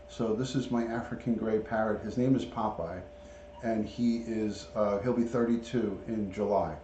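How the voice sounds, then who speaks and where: A middle-aged man with a mellow, relaxed voice talks casually on a livestream, greeting viewers by name as he chats. He sounds like he is at home in an echoey room, with a faint hum of room ambience behind him. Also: fairly low pitch. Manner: chatty, talks to viewers and reads out chat names. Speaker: retired police detective, livestream host. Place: at home, showing a pet parrot.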